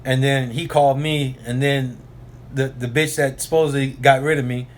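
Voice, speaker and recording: A man's voice: mid-range voice, fairly even intonation, normal speed. A man who drives oilfield trucks tells a rambling, profane story in a casual vlog, repeating himself and filling the gaps with asides.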